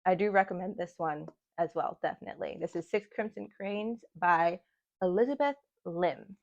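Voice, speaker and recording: Young woman, casual book chat, self-deprecating, giggly, slightly scratchy throat, lowish voice, dull lo-fi audio. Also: normal speed, creaky, a little mellow. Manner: chatty, self-deprecating, laughs often. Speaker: book vlogger. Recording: dull lo-fi sound.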